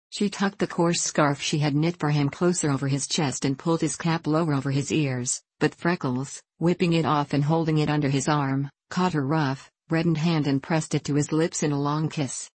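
Low-voiced woman reading a novel. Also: steady tone, normal speed, few pauses, darkish tone, slightly rough, dry recording. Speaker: audiobook narrator. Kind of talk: scripted narration.

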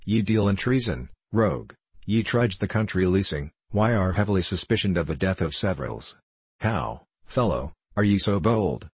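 A man's voice: low-pitched, lively intonation, moderate pace, darkish tone, husky, dry recording, full character voice. A man voicing a cool, mocking medieval knight. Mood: scheming. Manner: cool, mocking, lordly archaic speech. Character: scheming merry medieval knight, middle-aged man.

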